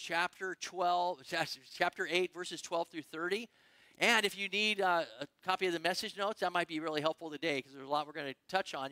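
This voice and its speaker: Bright, dry-voiced male pastor. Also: a little high, no echo. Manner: conversational, emphatic with frequent restarts. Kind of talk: sermon. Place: church sanctuary.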